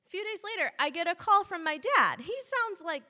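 Bright-voiced young woman telling a story. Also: extremely high pitch, expressive, fairly quick. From St. Louis, Missouri, US. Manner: chatty, many ums, laughing asides. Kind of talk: live storytelling to an audience.

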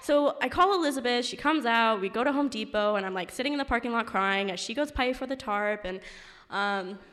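A young woman tells a personal story to a live audience, chatty and packed with fillers such as "um" and plenty of "like"s. Her voice is a little high, a bit bright, fairly quick, with lively intonation, and the recording has a long hall reverb.

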